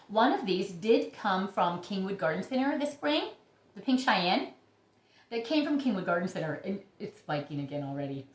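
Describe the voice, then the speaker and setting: A woman hosting a casual vlog about her orchids, chatty and gushing with breathy exclamations. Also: lowish voice. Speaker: orchid YouTuber. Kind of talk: casual show-and-tell vlog. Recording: echoey room.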